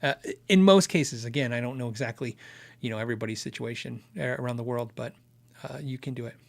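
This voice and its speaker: A man's voice: medium pitch, fast, gravelly. A man hosting a guitar tech channel, answering viewer questions in a live-stream chat, earnest and thinking aloud with many restarts.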